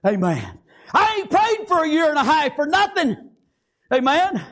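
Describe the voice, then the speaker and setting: A man's voice: very high-pitched, sing-song, a little slow, fairly bright tone. An older male pastor preaching a fiery sermon in a folksy country dialect, breaking in with praise and amens.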